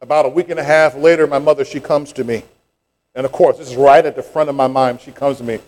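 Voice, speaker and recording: A man's voice: medium pitch, steady tone, fast, darkish tone. A middle-aged man, preaching a sermon and telling a childhood story with rising fervor. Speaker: pastor.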